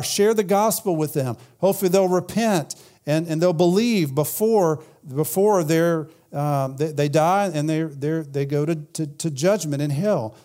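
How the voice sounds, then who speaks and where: A man's voice: a little high, a little mellow. A man preaching a sermon in a conversational way, often repeating words and saying "man". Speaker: pastor.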